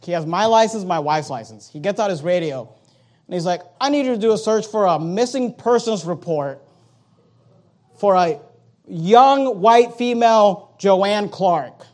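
A man with a high, light voice preaches by way of a personal story. He slips in and out of quoted voices as he tells it, animated and conversational. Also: measured pace. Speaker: pastor. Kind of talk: sermon storytelling.

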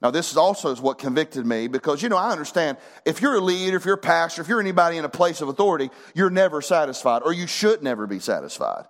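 Man, pastor preaching, middle-aged, folksy, fervent, slightly high voice. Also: animated, fast talker, hardly any pauses. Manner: folksy, fervent preaching with rising emphatic bursts. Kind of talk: sermon.

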